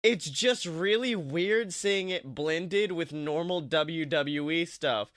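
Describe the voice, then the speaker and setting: A man's voice: on the high side, takes it slowly, a bit bright, no echo, clean studio sound. A man hosting a podcast in casual, joking chat, telling stories with animation. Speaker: podcast host.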